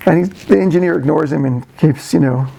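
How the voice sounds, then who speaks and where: A man's voice: on the high side, fairly quick, creaky, warm tone, low-quality recording. A man casually telling a long joke to the camera in a rambling way, full of restarts and "you know". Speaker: video blogger.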